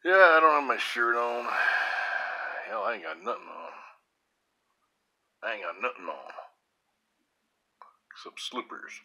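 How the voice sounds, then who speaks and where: A man's voice: fairly low pitch, animated, moderate pace, pauses often, pushed and bright, husky. A man filming himself on a phone at home at night, rambling sleepily to the camera and laughing at his own jokes. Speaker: vlogger. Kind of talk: rambling self-filmed vlog.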